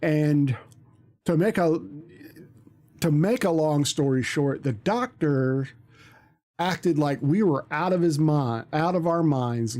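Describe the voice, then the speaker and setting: A man's voice: on the high side, a little mellow. A man, a streamer, telling a story in casual chat, rambling with many ums and restarts.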